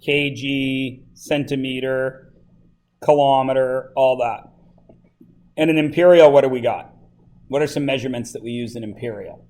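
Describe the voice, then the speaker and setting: A man's voice: mid-range voice, steady tone, moderate pace, long pauses, darkish tone. Chatty, joking male math teacher. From Canada. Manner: chatty and joking with the students, asks lots of questions. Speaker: high school math teacher. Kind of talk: classroom lesson. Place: classroom.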